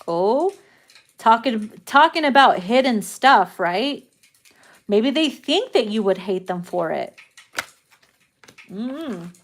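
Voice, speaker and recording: Slow-talking brash tarot-reading woman. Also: fairly high pitch, animated. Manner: brash, profane and laughing a lot. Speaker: tarot reader.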